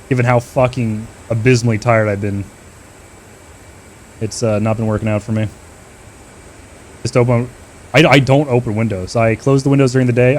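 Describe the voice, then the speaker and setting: A man's voice: medium pitch, a little hiss or hum. A man streaming a flight simulator, trading loose, profane banter with his chat and making short radio calls to teammates.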